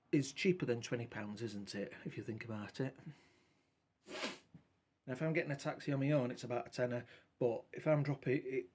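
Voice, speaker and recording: A man's voice: medium pitch, darkish tone, slightly rough. A man telling a long rambling story in casual talk, quoting what he and others said. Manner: rambling, colloquial, repeats quoted dialogue with "I says". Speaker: vlogger.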